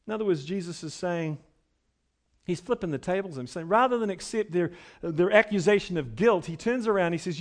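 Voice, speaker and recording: A man preaching an expository sermon, moving between quiet teaching and loud, emphatic passages, with conversational fillers. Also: sits high, lively intonation, brisk.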